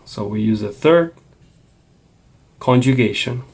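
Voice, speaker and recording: A man's voice: medium pitch, lively intonation, slow, a little mellow, slightly rough. A man teaching a Spanish lesson, explaining patiently and checking in with a frequent "okay?". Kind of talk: classroom lecture.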